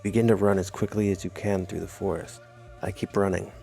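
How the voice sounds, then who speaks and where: Deep-voiced man reading a text adventure. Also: little pitch movement, brisk, vocal fry, mellow, soft background music. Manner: wry, amused asides. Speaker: gamer.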